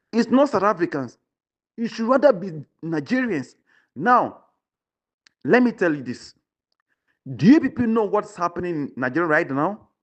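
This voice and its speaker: Preachy male commentator, fairly high voice. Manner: preachy, repeats points, checks in with listener. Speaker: online commentator. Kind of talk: opinion commentary.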